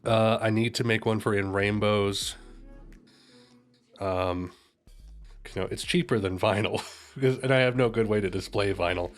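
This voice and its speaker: A young man with a fairly low voice chats casually, wandering from point to point and correcting himself mid-sentence. He drops joking asides as he goes. Music plays faintly behind him. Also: fairly even intonation, normal speed, pauses often. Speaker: music reaction streamer. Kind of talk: casual chat.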